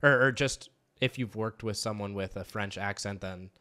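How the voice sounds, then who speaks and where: A man's voice: lowish voice, normal speed, pushed and bright. A man hosting an interview, speaking casually with many hesitations and fillers. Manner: hesitant, filler-heavy, friendly. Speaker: podcast host, sports play-by-play announcer.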